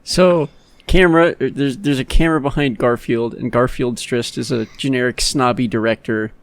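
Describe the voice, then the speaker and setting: A man's voice: mid-range voice, steady tone, moderate pace, no echo. A man co-hosting a let's play in casual banter, giggling as he describes comic panels in detail.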